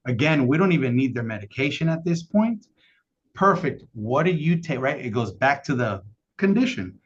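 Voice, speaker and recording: A man with a drawl coaches salespeople on a casual call, full of energy and tagging "right?" onto his points. His voice sits at a middle pitch. The call audio is dull and lo-fi. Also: moderate pace, husky. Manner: energetic, keeps asking "right?". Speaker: insurance sales trainer.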